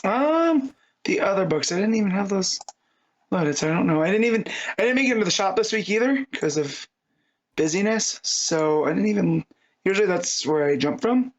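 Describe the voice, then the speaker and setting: A man's voice: sits high, animated, normal speed, a little hiss or hum. A man co-hosting a comics podcast in casual chat, rambling and enthusiastic and prone to tangents. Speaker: podcast co-host. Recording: slightly dull lo-fi audio.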